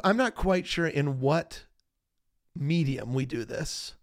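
Guy with a gravelly voice, chill podcast host chatting casually, lots of ums and likes. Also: medium pitch, slow, dry recording, studio quality. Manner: relaxed, chatty, trails off into fillers. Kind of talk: casual chat.

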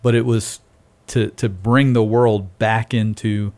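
A man reflecting in a casual faith discussion as a podcast co-host, measured and thoughtful. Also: fairly low pitch, fairly even intonation, darkish tone.

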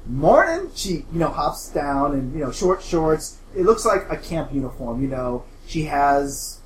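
Man with a slightly high voice narrating a tabletop game. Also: measured pace, echoey room, poor audio. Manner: loose, chatty storytelling with many fillers. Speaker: game master.

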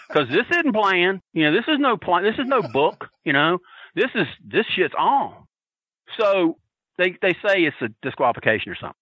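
A man telling a story on a podcast, loud and profane, acting out the shouts of the crowd with laughter. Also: high-pitched, sing-song, normal speed, no room sound, rough recording. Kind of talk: animated storytelling.

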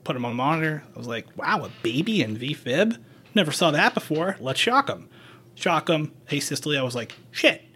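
A man's voice: a little high, sing-song, a little fast, pushed and bright, slightly rough. A man working as a paramedic, chatting frankly on a podcast, swearing and acting out quoted dialogue as he tells his stories. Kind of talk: casual podcast chat, storytelling.

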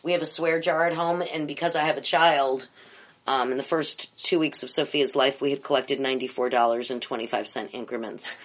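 A woman's voice: rumbling low, fairly even intonation, fairly quick. A middle-aged woman, an improv teacher, talking bluntly and profanely in a candid interview.

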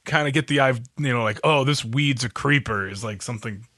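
A man's voice: mid-range voice, fairly quick, sharp tone, no room sound, clean studio sound. A man co-hosting a podcast in casual chat, rambling, laughing often and swearing casually. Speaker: podcast co-host.

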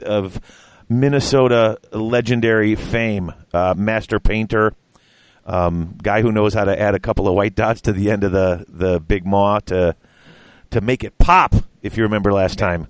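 A man hosting a casual hobby podcast, joking around in quick, excitable bursts. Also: on the low side, clean tone, no room sound. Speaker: podcast host.

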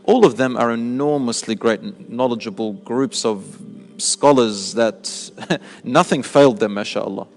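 A man's voice: mid-range voice, measured pace. Man preaching in a reverberant hall. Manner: explains with rhetorical questions and answers. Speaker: Islamic preacher. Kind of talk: sermon.

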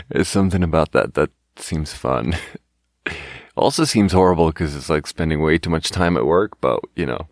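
A man's voice: low-pitched, dry recording, clean studio sound. A man from Sweden, hosting a podcast as a casual solo monologue, rambling and self-conscious, often laughing between thoughts. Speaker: podcast host.

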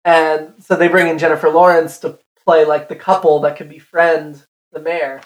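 A co-host on a podcast recapping movie plots at length in a steady, chatty way. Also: medium pitch, moderate pace. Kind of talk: casual movie chat. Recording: roomy echo.

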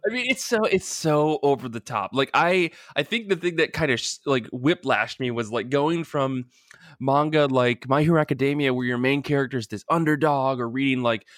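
A man of middle pitch jokes his way through a casual podcast chat. He is wry and sometimes blunt, with a dry, close sound and no room echo. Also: normal speed, a bit bright. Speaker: podcast co-host.

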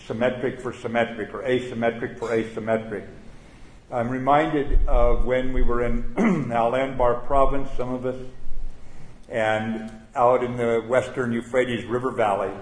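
An older man, a retired general, giving a plain-spoken speech with anecdotes to a live audience, halting now and then with fillers. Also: medium pitch. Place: event venue before an evening audience. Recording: roomy room with faint ambience.

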